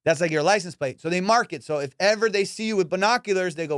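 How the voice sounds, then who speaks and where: A man with a high, smooth voice spins a profane, comic story, slipping into the voices of the people he describes. The sound is dry and close, with no room around it. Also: quick pace, few pauses, no room sound. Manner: profane, animated, acts out voices in his stories. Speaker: podcast host. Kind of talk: casual comedic storytelling.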